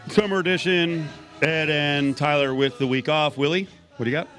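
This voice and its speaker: A man's voice: a little high, steady tone, moderate pace, a bit bright, soft background music. A man hosting a casual sports radio chat, leading the talk and asking loose questions. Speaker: radio host.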